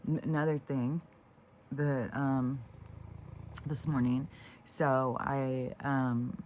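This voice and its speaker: A woman's voice: extremely low pitch, darkish tone, a little hiss or hum. A woman talking to camera in a meandering, frank monologue, swearing freely and often restarting her sentences. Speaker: vlogger. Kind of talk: rambling casual monologue.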